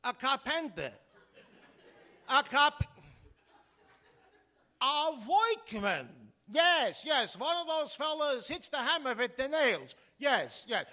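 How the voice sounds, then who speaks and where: A man's voice: extremely high pitch, sing-song, slow, pauses often, pushed and bright, voice pushed up, heavily acted. A man playing a flustered immigrant businessman on the telephone, in a stage Yiddish dialect, exasperated and repeating himself as he mixes up his words in a vaudeville comedy sketch.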